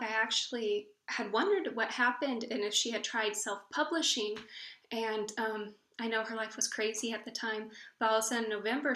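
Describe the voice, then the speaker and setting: A woman's voice: fairly high pitch, sharp tone. A woman book blogger chatting casually to camera, telling stories in a gushing way and often stumbling and restarting her sentences. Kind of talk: casual vlog chat. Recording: echoey room.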